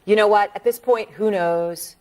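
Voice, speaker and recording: A woman hosting a cable news panel, asking brisk, animated questions. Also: medium pitch.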